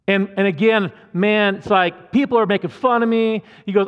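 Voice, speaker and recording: A man's voice: high voice, steady tone, moderate pace, hardly any pauses, smooth. A man preaching a sermon as pastor, conversational and earnest, with asides to the congregation. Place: church sanctuary. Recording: muffled church hall reverb.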